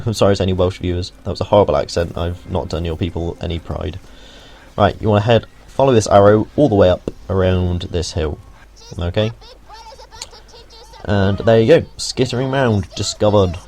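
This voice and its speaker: The speaker is a young British gaming host with a low-pitched, slightly mellow voice, talking at a moderate pace. His gameplay walkthrough commentary is casual and jokey, drifting into asides, with swearing now and then.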